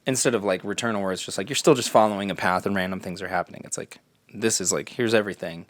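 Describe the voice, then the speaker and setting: A man with a low voice co-hosts a loose gaming podcast, rambling in an animated way and sometimes putting on quick voices. He swears casually. His voice sounds close and dry, with no room sound. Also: no room sound. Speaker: podcast co-host. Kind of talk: casual chat.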